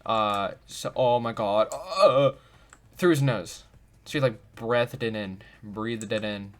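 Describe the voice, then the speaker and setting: A man with a bright, lower voice. He gives goofy, self-mocking let's play commentary and talks to himself while he works out each answer. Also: slow pace. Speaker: gaming video host.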